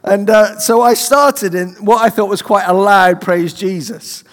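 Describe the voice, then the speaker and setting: A man's voice: high voice, moderate pace, long reverb tail. A British man preaching a sermon, telling a personal story with humour. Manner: humorous, animated storyteller. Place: church.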